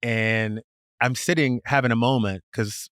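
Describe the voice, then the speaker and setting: A man in his thirties, a podcast guest, telling lively stories in casual chat and acting out the people in them. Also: measured pace, clear, resonant tone, dry recording, clean studio sound. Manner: animated, acts out quoted people with big pitch jumps and whispers.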